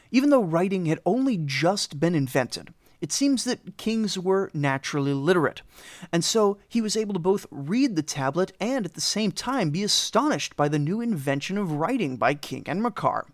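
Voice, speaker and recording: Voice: medium pitch, no room sound. Wry history storyteller, dry close sound. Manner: wry, dry humor with casual asides. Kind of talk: scripted storytelling narration.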